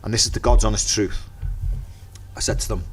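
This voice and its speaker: Deep-voiced Merseyside man telling stories. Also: a little fast, a little hiss or hum. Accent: Merseyside English. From Merseyside, England. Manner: lively anecdotal storyteller acting out dialogue. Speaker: podcast guest. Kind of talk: casual chat.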